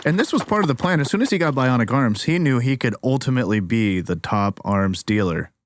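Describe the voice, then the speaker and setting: A man guesting on a comedy podcast, narrating an improvised story in an animated, excitable way. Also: medium pitch, a little fast, dry recording, studio quality. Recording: clear background noise.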